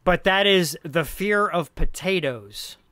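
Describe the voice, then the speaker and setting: A man's voice: sits high, animated, slow pace, bright, forceful tone, no room sound. A man hosting a casual film podcast, rambling and thinking aloud, laughing often as he talks. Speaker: podcast host.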